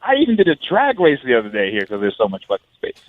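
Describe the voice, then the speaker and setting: Appearing as a guest fighter on a podcast, this man tells his stories bluntly and with plenty of swearing, acting out what people said. His mid-range voice swings hugely in pitch at a quick pace, and the audio is narrow and tinny. It's a casual podcast conversation.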